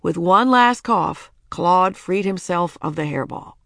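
A woman narrating a children's storybook in a lively, expressive way. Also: lowish voice, unhurried, vocal fry, no room sound, clean studio sound. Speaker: audiobook narrator.

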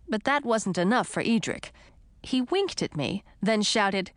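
A woman narrating a children's fantasy audiobook in first person, with expressive storytelling. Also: mid-range voice, a little slow, dry recording, clean studio sound.

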